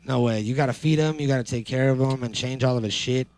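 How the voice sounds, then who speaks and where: A man's voice: mid-range voice, fast, a little mellow. A man in his thirties hosting a podcast, joking casually and swearing freely. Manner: joking, profane, laid-back. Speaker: podcast host. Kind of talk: casual chat.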